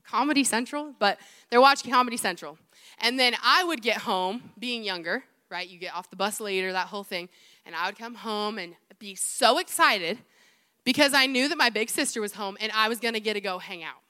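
A young adult woman, an assistant youth pastor, preaching a sermon in a chatty, animated way full of personal stories and self-mocking asides. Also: medium pitch, a little fast.

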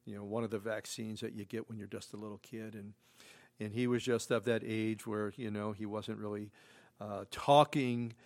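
A middle-aged man preaching a sermon as pastor, talking conversationally with many asides, shifting from hushed tones to loud emphatic bursts. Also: lowish voice, fairly even intonation, moderate pace. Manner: conversational, repeats himself, frequent "you know". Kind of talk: expository sermon.

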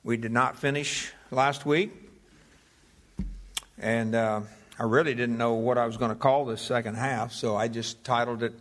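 A man preaching a Bible study sermon, reading old-fashioned scripture slowly and deliberately, then explaining it in a measured teaching voice. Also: mid-range voice, fairly even intonation, fairly bright tone. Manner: reads King James scripture slowly and deliberately; measured teaching delivery with fillers and restarts.

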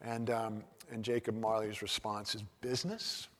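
Male pastor, relaxed conversational sermon, frequent restarts, hushed emphasis, hall reverb. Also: a little slow. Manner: conversational, restarts often, drops low and soft on key points.

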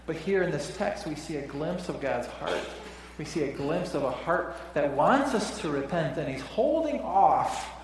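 Pastor preaching in an echoey hall. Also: male voice, on the high side, a little hiss or hum. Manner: conversational preaching, dropping to soft emphasis. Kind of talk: sermon. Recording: echoey church hall from far off.

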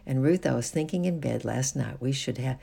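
An eager boy of nearly eleven, voiced by a storybook reader, laying out plans with earnest conviction. The voice is gravelly and husky, with a dark, mellow tone. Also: mid-range voice, a little fast.

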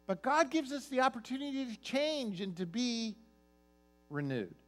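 A man preaching a sermon as pastor, telling stories, his voice swinging from loud emphasis to soft, quiet asides. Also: extremely high pitch, big pitch swings, moderate pace.

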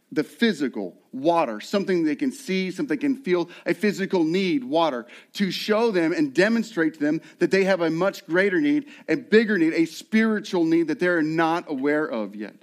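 Male pastor, middle-aged, lively sermon, slightly high voice, acts out little voices. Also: moderate pace. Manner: animated, acts out voices of the people he describes. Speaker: lead pastor.

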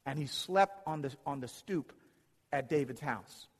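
A man's voice: mid-range voice, lively intonation, unhurried, vocal fry, in a large hall. A man preaching a sermon, retelling Bible stories and acting out the characters' lines.

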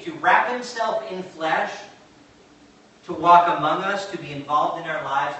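A man preaching to his congregation, dropping into quiet asides and then slowing for big emphatic declarations. His voice is bright and a touch high. He is heard from far off in a very echoey hall with faint noise behind. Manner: asks the congregation questions and answers back. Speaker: pastor. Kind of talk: sermon.

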